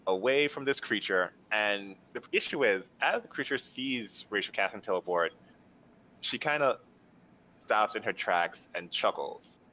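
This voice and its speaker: A man's voice: lowish voice, animated, a little slow, sharp tone, a little hiss or hum. A man narrating a tabletop game as game master, describing scenes casually with lots of fillers.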